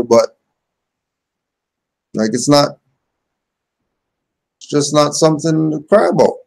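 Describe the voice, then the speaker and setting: A man's voice: fairly high pitch, gravelly. A man giving a casual religious teaching, reading passages aloud and then explaining them in everyday speech. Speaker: spiritual teacher.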